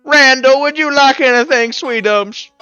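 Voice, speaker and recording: Game master doing a high doting tavern mama. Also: measured pace, bright, forceful tone, clean tone, dry recording, highs cut off, soft background music. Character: doting older tavern mother calling everyone baby.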